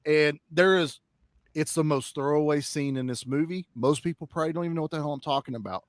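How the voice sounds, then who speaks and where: Excitable man gushing about films. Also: a little high, fast, dry recording. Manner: enthusiastic, rambling, restarts sentences. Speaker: podcast co-host. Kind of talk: casual film discussion.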